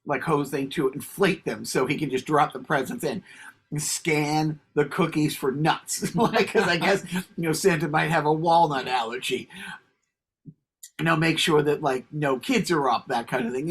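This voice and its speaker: A man's voice: on the high side, moderate pace, breathy edge. A man co-hosting a podcast, rambling through casual stories and laughing as he talks. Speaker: podcast co-host. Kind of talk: casual chat.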